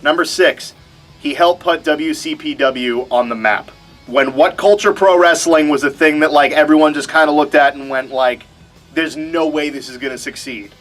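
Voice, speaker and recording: A man's voice: medium pitch, a bit bright. A young man hosting a wrestling vlog, chatting casually with a wry, mock-reluctant tone. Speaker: wrestling show host.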